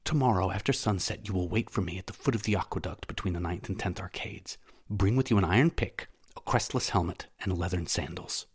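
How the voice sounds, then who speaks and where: A man reading as a hushed, scheming former slave. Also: low-pitched, fairly quick, breathy edge. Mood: conspiratorial. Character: scheming former slave, male adult, conspiratorial.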